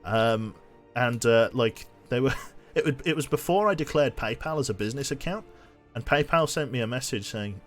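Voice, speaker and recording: A man's voice: mid-range voice, expressive, normal speed, hardly any pauses, fairly bright tone, soft background music. A man chatting casually while streaming a game, rambling with lots of fillers and restarts. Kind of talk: casual gaming livestream commentary.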